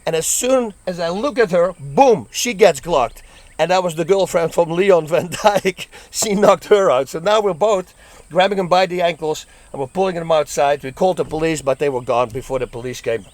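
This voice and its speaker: A middle-aged man from the Netherlands telling lively stories about his days as a bouncer, laughing as he goes. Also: on the high side, brisk, dry recording. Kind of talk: casual storytelling.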